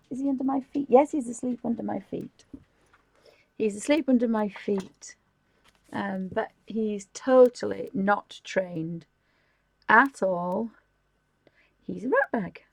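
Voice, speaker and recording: Slow, gravelly woman in her fifties. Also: on the high side, warm tone, no room sound, low-quality recording. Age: 50s. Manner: chatty and giggly, rambling with restarts. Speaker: live stream host. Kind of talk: casual chat, showing things to camera.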